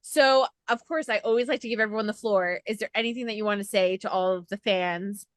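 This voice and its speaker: A woman's voice: medium pitch, fairly quick, no echo, studio quality. A woman interviewer chatting casually and gushing enthusiastically to her guest, with lots of "like.". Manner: gushing, chatty, many fillers of "like". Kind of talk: casual chat.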